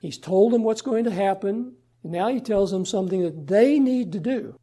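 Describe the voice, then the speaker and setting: A man's voice: high voice, normal speed, dark tone. A man preaching a sermon as pastor, asking his listeners rhetorical questions and retelling scripture in everyday words. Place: church sanctuary.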